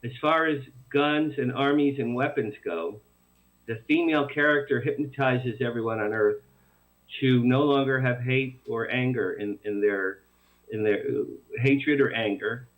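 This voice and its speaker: A man talks about his book over a tinny phone line, rambling and animated, stopping and restarting as he goes. His voice sits in an ordinary middle pitch for a man. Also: a little slow. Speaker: author guest. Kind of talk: casual radio interview.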